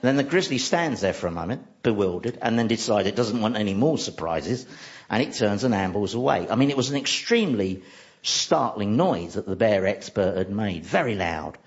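Casting: wry comedian, animated delivery, slightly dull recording. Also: male voice, on the low side, moderate pace. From central London. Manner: dry, wry, self-mocking. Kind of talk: comic monologue.

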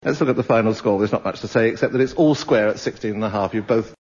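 A man chairing a comedy panel quiz, with brisk, dry links between rounds. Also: lowish voice, dull audio, heavy background noise. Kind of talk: hosting a radio panel quiz. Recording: broadcast with studio audience.

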